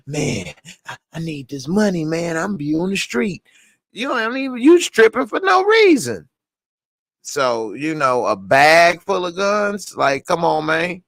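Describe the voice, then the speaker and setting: Brief: animated male reviewer, casual reaction talk, dry close sound. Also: on the high side, no echo. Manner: animated, slangy, laughs often. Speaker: TV show reviewer.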